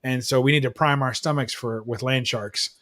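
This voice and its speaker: A man's voice: mid-range voice, steady tone, normal speed, fairly bright tone. A man on a video call hangout, chatting casually and rambling through a story with fillers. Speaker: panel guest. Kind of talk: casual chat.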